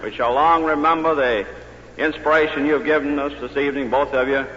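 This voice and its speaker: A man's voice: fairly high pitch, fairly even intonation, brisk, fairly bright tone, slight background noise. Man giving formal closing thanks. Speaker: host thanking speakers. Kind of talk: closing remarks. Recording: muffled old hall recording.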